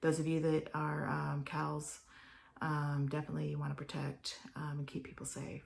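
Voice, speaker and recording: Low gravelly woman rambling to camera. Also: normal speed. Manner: chatty, meandering, drops to a whisper at times. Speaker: vlogger. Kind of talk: rambling casual vlog. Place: home office.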